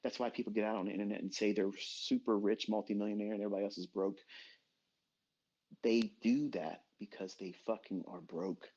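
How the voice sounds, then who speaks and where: A middle-aged man giving a blunt, profane motivational rant as a trading mentor, dropping to low murmurs and then bursting out loud. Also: fairly even intonation, fairly quick, breathy edge. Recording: dull lo-fi recording.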